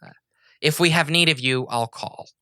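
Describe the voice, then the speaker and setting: A man voicing a playful, grandiose halfling who is an archpriest and high king, speaking in a slow, lofty way. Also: pushed and bright, no room sound, studio quality. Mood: commanding.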